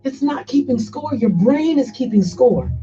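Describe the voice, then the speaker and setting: A woman's voice: high voice, lively intonation, normal speed, warm tone, faint music behind. A woman speaking as a guest, telling her story in an emphatic motivational style and repeating phrases for effect. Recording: slightly muffled radio broadcast.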